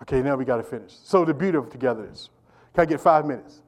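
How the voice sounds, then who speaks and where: A middle-aged man preaching a sermon as pastor, animated and repetitive, calling out to the congregation. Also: mid-range voice, racing. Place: church.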